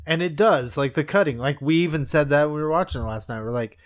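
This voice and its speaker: A man's voice: fairly high pitch, fast. A man co-hosting a casual movie-review podcast, rambling with fillers and laughing often. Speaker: podcast co-host.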